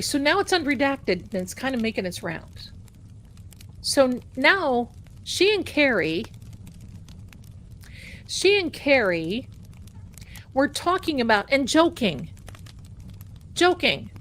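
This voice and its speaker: A woman with a Boston accent hosting a tarot livestream, talking in a casual, animated and sarcastic way and repeating phrases for emphasis. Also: high voice, slow, long pauses, slight background noise.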